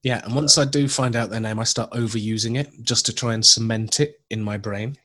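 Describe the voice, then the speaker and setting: A man co-hosts a podcast in relaxed, agreeable chat. His voice is a little husky and sits at a middle pitch, and his phrases often trip and restart. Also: brisk. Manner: agreeable, chatty, with frequent restarts. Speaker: podcast co-host. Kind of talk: casual chat.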